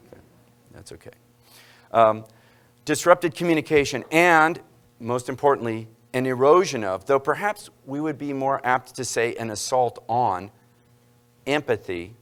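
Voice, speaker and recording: A man's voice: mid-range voice, measured pace, pauses often, fairly bright tone, clean tone. A man giving a public university lecture, breaking off for joking asides to the audience in the hall.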